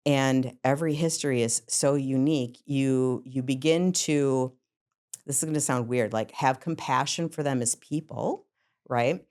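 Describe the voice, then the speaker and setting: A woman's voice: extremely low pitch, a little slow. A middle-aged woman, a psychotherapist, telling stories from her career in a podcast interview, acting out scenes and laughing often. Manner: lively storyteller, acts out scenes, laughs often. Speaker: psychotherapist guest.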